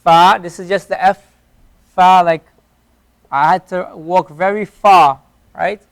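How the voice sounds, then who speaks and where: Speaking slowly in a high, steady voice with a clear, resonant tone, a man runs an Arabic class. He patiently repeats every letter sound to model its pronunciation in a classroom at an Islamic center.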